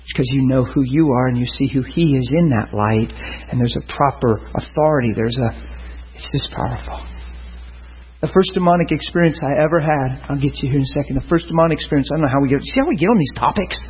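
A male preacher giving an animated sermon to a congregation, telling a story and acting out the voices in it. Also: mid-range voice, fast talker, muffled recording, slight background noise. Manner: animated, acts out voices and laughs often. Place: church before a live congregation.

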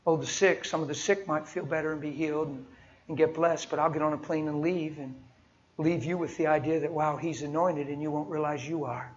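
A male preacher with a slightly raised pitch delivers an emphatic sermon full of personal stories. He moves between hushed, gentle stretches and loud, driving declarations. The recording is dull and lo-fi. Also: fairly even intonation, fairly quick. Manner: emphatic, swings from soft to loud.

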